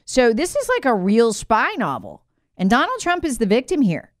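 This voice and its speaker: A woman's voice: on the high side, wildly swooping pitch, normal speed, no echo, studio quality. A woman hosting a political commentary show, talking in a sarcastic, opinionated way. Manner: sarcastic, mocks figures in put-on voices.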